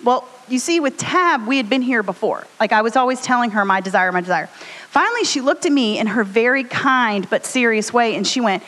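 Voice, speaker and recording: A woman co-hosting a live storytelling podcast, chatting with an audience in a rambling, animated way. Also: a little high, a little fast. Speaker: podcast co-host. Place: stage before a live audience. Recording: long hall reverb.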